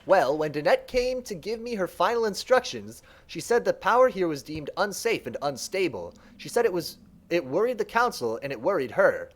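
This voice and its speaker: A man's voice: high-pitched, big pitch swings, moderate pace. Man doing a raised, eager voice for a lonely, fawning servant creature in a game read-aloud. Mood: confiding. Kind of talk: let's play dialogue read-aloud.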